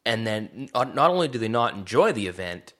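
A man's voice: lowish voice, big pitch swings, a little fast, fairly bright tone. A man co-hosting a podcast in casual chat, rambling and self-deprecating, trailing off and restarting his sentences. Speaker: podcast co-host. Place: Vancouver area.

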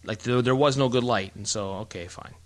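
A middle-aged man co-hosting a casual chat, telling stories in a rambling, animated way with many restarts. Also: medium pitch, a little fast. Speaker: podcast co-host.

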